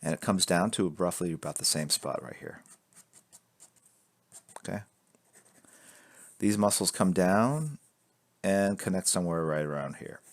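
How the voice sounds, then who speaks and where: A deep-voiced man teaches a live drawing lesson on stream from an indoor drawing board, explaining construction lines as he sketches, joking, and reading chat aloud. The camera fixed to the board captures him with no echo.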